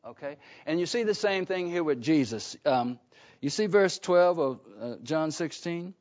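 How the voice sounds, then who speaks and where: An unhurried, expressive man with a somewhat high voice and darkish tone preaches a sermon. He speaks conversationally, posing call-and-response questions to the congregation and often starting over, heard on a dull lo-fi recording.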